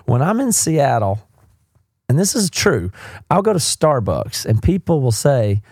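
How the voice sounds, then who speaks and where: A man's voice: mid-range voice, sing-song, a little slow, darkish tone, slightly rough, no room sound. Chatty Southern man, dry sound. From South Carolina. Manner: chatty, rambling, frank. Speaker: podcast host. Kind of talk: casual music advice talk.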